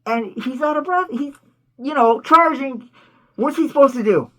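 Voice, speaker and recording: A woman's voice: high-pitched, moderate pace. Indignant woman ranting about a cartoon. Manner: animated, indignant, full of rhetorical questions. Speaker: host. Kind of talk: cartoon commentary.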